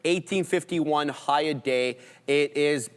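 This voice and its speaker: A man co-hosting a live trading stream, calling prices and chart levels in casual, excited commentary. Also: on the high side, clean tone, big-room sound. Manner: excited, rapid ticker and price call-outs.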